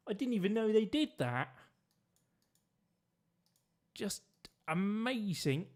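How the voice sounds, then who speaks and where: A man's voice: high voice, huge pitch swings, extremely slow, long pauses, fairly bright tone. A man streaming a geography guessing game, chatting and joking with his viewers as he plays. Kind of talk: casual gameplay commentary.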